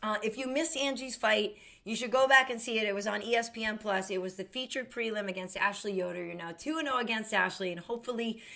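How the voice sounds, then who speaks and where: Woman host chatting, bright and punchy, laughs a lot. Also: mid-range voice, fast, vocal fry, few pauses. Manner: chatty, emphatic, laughs easily. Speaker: podcast host, sports anchor. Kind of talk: casual chat.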